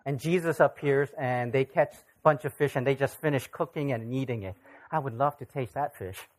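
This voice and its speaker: Pastor, mid-pitched voice, relaxed sermon delivery, talks to the room with lots of rhetorical questions. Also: moderate pace. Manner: conversational, asks the audience rhetorical questions.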